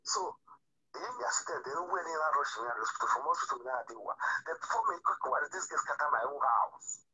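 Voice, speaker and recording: A man's voice: fairly high pitch, lively intonation, fast, sharp tone, breathy edge. A man talking on a phone call, rambling and repeating himself. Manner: rambling, repeats words and restarts. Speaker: iPad owner on a phone call. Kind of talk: casual phone conversation. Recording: tinny phone line.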